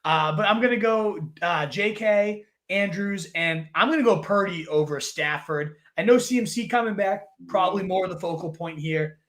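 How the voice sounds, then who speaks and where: A man's voice: high-pitched, moderate pace, hardly any pauses, a bit bright. A man co-hosting a casual fantasy football chat, enthusiastic and thinking aloud with fillers.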